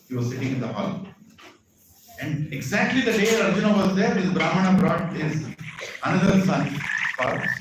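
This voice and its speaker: A man, telling a scriptural story as a sermon with lively asides to his audience. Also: medium pitch. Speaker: spiritual speaker. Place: large hall at a community event. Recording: echoey hall, voice far from mic, faint noise.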